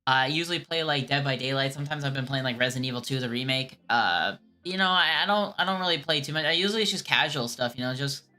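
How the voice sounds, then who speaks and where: A woman's voice: very deep voice, fast talker, few pauses, sharp tone. A woman streamer casually rambling through chat questions in a laid-back way, a voice she calls whiny. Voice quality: calls her own voice whiny.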